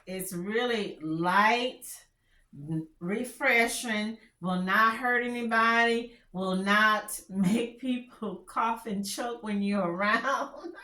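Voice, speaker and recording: A woman's voice: medium pitch, bright, forceful tone, reverberant. A woman with a country Texas drawl chatting candidly as she reviews fragrances, often restarting her sentences. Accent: Texan. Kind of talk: casual product review chat.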